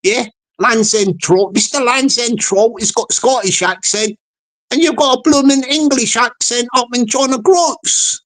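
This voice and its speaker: A man's voice: very high voice, unhurried, a bit bright. A man vlogging comic commentary, rambling along with many stammered restarts.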